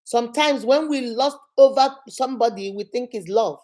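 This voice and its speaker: A woman's voice: fairly high pitch, moderate pace, a little mellow. A woman host giving relationship advice straight to the viewer, firing off rhetorical questions and calling her "my sister". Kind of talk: direct-address advice talk.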